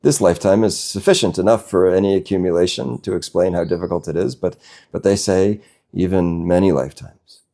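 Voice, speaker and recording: A man with a low, deep voice talks as a spiritual teacher at a gathering. His tone is mellow and warm, and he speaks slowly and gently, pausing often and laughing softly. Birdsong can be heard faintly behind him. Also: gravelly. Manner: slow, gentle, reflective, with soft laughs. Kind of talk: satsang talk.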